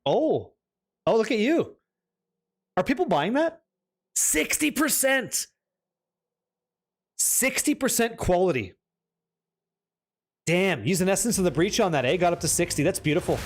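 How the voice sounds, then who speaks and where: A man streaming a game live, excitable and profane as he banters with his chat. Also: high-pitched, moderate pace, long pauses. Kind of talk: live gameplay commentary chatting with viewers.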